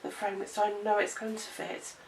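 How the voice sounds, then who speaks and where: A woman's voice: mid-range voice, level tone, normal speed, vocal fry. A woman, out of breath and coughing, chattily demonstrating a card-making craft and laughing at her own slips. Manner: chatty, self-deprecating, talks while working. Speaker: craft tutorial presenter. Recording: echoey room, distant mic, noisy background.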